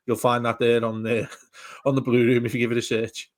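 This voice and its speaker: A man chats about football on a casual podcast. His voice sits at an ordinary middle pitch. He sounds keen and restarts his words as he goes. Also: level tone, a little fast, no room sound. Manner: enthusiastic, restarts words often. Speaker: podcast co-host.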